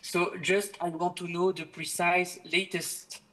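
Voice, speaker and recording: A man with a French accent puts a question to a scholar, hesitating as he picks his words. His voice is bright and a touch higher than most. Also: level tone, measured pace, poor audio. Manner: hesitant, careful wording. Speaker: caller asking a question. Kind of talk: phoned-in question.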